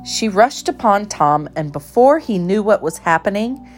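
A woman reading a children's storybook aloud with measured, expressive narration. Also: medium pitch, soft background music. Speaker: storybook reader.

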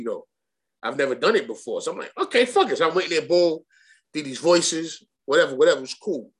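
A man's voice: on the high side, fairly bright tone. A young man, telling a rambling, profane story as a guest in a casual interview, full of restarts and slang. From Brooklyn, New York. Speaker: guest rapper.

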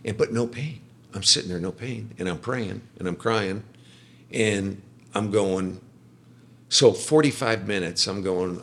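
A middle-aged man, a podcast guest, giving a personal faith testimony in casual conversation, telling it as an animated storyteller. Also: lowish voice, a little slow. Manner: animated storyteller, acts out quoted speech.

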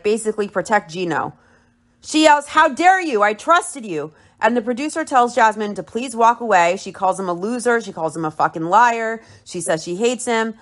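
A woman's voice: a little high, fairly bright tone. A woman hosting a podcast, recapping and commenting on a reality show in a blunt, opinionated way and swearing freely. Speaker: podcast host.

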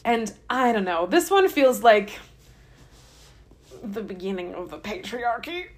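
A woman's voice: mid-range voice, lively intonation, measured pace. A woman hosting a podcast, retelling scripture in a chatty, irreverent way with wry asides. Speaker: podcast host. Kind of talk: casual comic scripture retelling.

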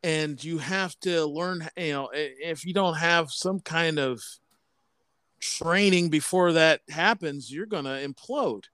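A man in his thirties co-hosting a casual podcast, talking in halting, stop-start bursts. His voice sits a little high for a man, and it sounds close and dry on the mic, with almost no room around it. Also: bright, forceful tone, smooth, no room sound. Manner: halting, repeats words and restarts often. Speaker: podcast co-host.

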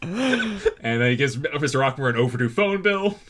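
Young male podcast co-host, bright and lively, halting restarts, playful. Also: on the high side, a little hiss or hum. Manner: hesitant restarts, chuckling, playful. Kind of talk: casual chat recapping a sitcom episode.

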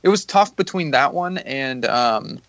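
A man's voice: mid-range voice, animated, unhurried, a bit bright, no room sound. A man in casual banter with friends, talking passionately and defensively, with frequent fillers.

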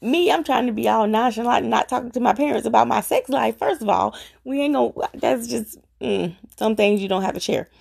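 A middle-aged woman tells a personal story in a casual, chatty way, with plenty of gravelly fry in her voice. She slips into the voices of her family as she goes and circles back on lines for emphasis. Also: fairly high pitch, brisk, few pauses. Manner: animated, acts out the voices of family members; chatty, repeats herself for emphasis. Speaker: vlogger telling a personal story.

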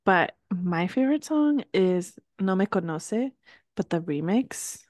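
A woman's voice: medium pitch, animated, unhurried, darkish tone, no echo, studio quality. A woman co-hosting a podcast in casual chat, talking with lots of "like" and laughing often. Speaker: podcast co-host.

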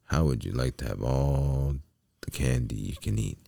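Storybook coachman, a man voicing him: sly, coaxing, very deep and gravelly. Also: moderate pace, dark tone, no echo, studio quality, heavily acted. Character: sly male coachman luring a boy.

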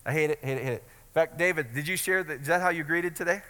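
A man preaching with a high, bright, sharp voice, chatty and joking, then building up to bold declarations. His words ring out through a big hall with a long reverb. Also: quick pace. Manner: conversational preaching with jokes and rising shouts. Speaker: pastor. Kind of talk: sermon.

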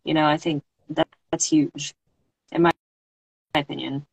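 A woman's voice: low-pitched, flat delivery, normal speed, vocal fry, breathy edge, no room sound, poor audio. A woman hosting a podcast, supportive and reflective, often answering with short listening sounds. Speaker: podcast host. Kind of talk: casual conversation.

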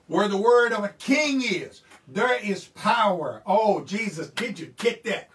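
A man preaching a sermon, repeating lines and building to shouted fervor. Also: high voice, expressive, a little slow, hardly any pauses, far from the mic.

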